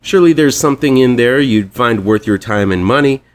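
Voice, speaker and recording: A man's voice: mid-range voice, lively intonation, brisk. Man hosting a horror comics rundown. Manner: chatty, fan-like enthusiasm. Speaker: host of a horror comics show. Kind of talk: scripted weekly comics rundown.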